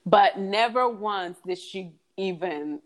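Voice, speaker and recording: A woman's voice: medium pitch, takes it slowly. A young woman guest in a casual podcast chat, speaking earnestly and reflectively with frequent fillers.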